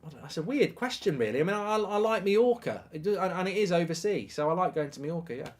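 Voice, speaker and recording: A middle-aged man hosting a live football watchalong, commenting on the match and reading out viewer messages with bursts of excitement. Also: high-pitched, fast. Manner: excitable, reads viewer messages aloud, repeats himself.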